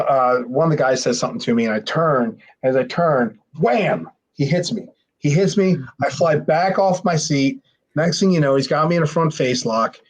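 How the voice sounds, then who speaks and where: A man in his forties, a former pro wrestler and podcast guest, telling a rowdy story with swearing and acted-out dialogue. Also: mid-range voice. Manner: profane, animated, acts out quoted dialogue, restarts often. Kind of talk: casual storytelling.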